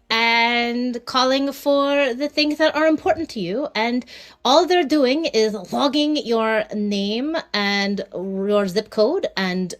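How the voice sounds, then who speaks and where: A woman on a casual stream panel, making measured, wry suggestions. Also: fairly high pitch.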